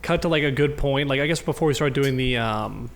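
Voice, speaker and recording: A man's voice: medium pitch, fairly quick. A man co-hosting a casual podcast, rambling through playful ideas with fillers like um and like. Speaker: podcast co-host.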